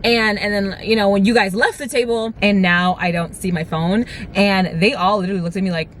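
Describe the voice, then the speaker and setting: A young adult vlogger telling a story at speed, rambling with constant "like" and "right?", animated and swearing freely. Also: mid-range voice, slight background noise. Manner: fast, rambling retelling full of "like" and "right?". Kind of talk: storytime vlog.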